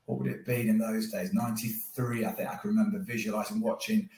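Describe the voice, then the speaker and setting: A man's voice: on the low side, fast talker, a little hiss or hum. A man, a guest telling stories in casual chat with frequent laughs. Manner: animated storytelling with frequent laughs. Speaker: guest, former professional cricketer. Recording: roomy echo.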